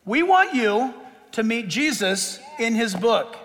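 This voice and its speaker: Middle-aged male pastor, high bright voice, chatty joking sermon, long church reverb. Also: very animated, slow pace. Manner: conversational, joking with the congregation. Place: church sanctuary.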